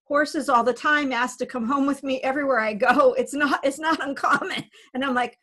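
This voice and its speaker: High-voiced woman telling a story. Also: brisk, hardly any pauses. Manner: animated, laughing storyteller. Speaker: animal communicator. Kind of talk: storytelling in casual chat.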